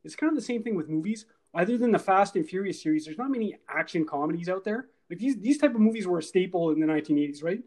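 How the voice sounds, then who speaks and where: A middle-aged man co-hosting a casual movie review podcast, animated, talking in quick bursts full of fillers and asides. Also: high-pitched. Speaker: podcast co-host.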